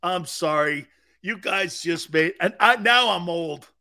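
Older radio guy, loud brash football talk, high bright voice, swears a lot. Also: measured pace. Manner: brash, profane storytelling with shouted quotes and laughs. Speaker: radio show host.

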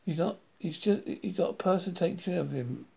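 Man voicing a shrill Irish auntie, high-pitched, gravelly, fussing and screeching. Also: lively intonation, a little fast, a little mellow, exaggerated voice. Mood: fretful. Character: fussy worried middle-aged Irish aunt.

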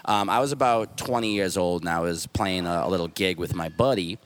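A man's voice: sits low, fairly quick. A man hosting a podcast, telling a profane, laughing story about his father in casual chat. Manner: profane, laughing, restarts often. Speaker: podcast host.

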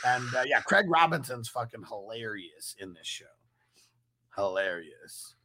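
A man's voice: medium pitch, expressive, a little slow, sharp tone, a little hiss or hum. A man co-hosting a casual morning talk show, laid-back and profane, laughing often. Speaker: co-host. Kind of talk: casual podcast banter.

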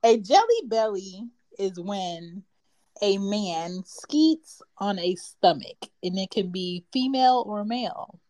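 Loud-mouthed woman hosting a late-night podcast, cussing and teasing her cohost, dry close sound. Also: mid-range voice, expressive, slow pace, dry recording. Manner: brash, profane, teasing. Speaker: podcast co-host. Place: home desk.

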